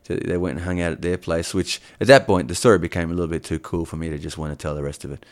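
Male podcast co-host, very low voice, loose rambling storyteller. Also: fairly even intonation, quick pace. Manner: rambling, laughs often, restarts. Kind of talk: casual chat.

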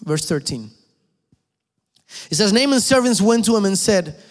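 High-voiced preacher man in a reverberant hall. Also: expressive, moderate pace, long pauses. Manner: emphatic, swings between loud pleading and hushed whispers. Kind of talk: sermon.

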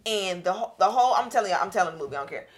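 Young female co-host, talks very fast, blunt and crude, rambles. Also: medium pitch, lively intonation. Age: young adult. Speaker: podcast co-host. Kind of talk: casual chat.

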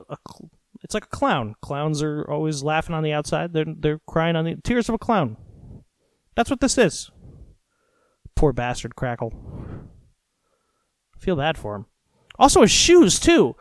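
A man's voice: sits high, fairly bright tone, no echo, studio quality. Rambling, profane male podcast host. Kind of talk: casual solo podcast monologue. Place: recorded at home late at night.

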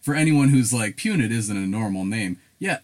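A man co-hosting a podcast, telling stories in a lively, profane way. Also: on the low side, moderate pace. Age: adult. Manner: animated, profane storytelling. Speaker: podcast co-host. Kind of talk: casual podcast chat.

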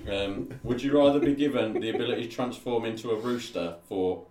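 A man's voice: medium pitch, brisk, darkish tone, reverberant. A young man hosting a casual podcast, joking and laughing often as he poses questions. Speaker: podcast host. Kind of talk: casual banter.

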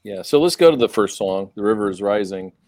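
A man's voice: lowish voice, lively intonation, fairly quick, darkish tone, dry recording. A man hosting a casual album review who steers the talk and jokes at his own slips. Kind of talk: casual chat.

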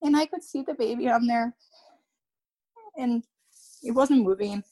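Speaking in a fairly high, mellow voice, a young woman on a podcast haltingly tells a painful story from her own life. She keeps circling back, repeating herself and starting sentences over.

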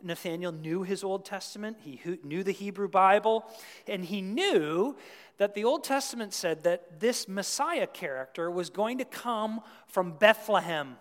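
A man's voice: sits high, fairly bright tone. A Canadian-born man preaching a sermon in a chatty, folksy way, asking his listeners questions. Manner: conversational, folksy, asks the crowd questions. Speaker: pastor. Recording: long reverb of a large hall.

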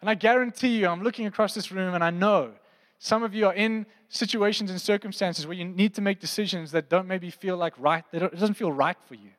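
A man's voice: sits high, brisk, a bit bright. A man preaching a pastoral sermon to a church congregation, talking conversationally and often asking the room questions. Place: church auditorium. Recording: long hall reverb.

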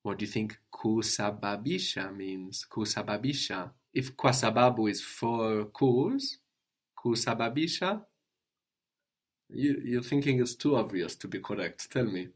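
A man teaching a language lesson, patiently prompting his student with questions and gently correcting answers. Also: on the low side, unhurried.

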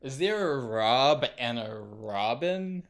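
A man's voice: medium pitch, lively intonation, takes it slowly, creaky, clean tone. A man co-hosting a comedy podcast, reacting with incredulous, swearing jokes. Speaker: podcast co-host. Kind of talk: casual comedic banter.

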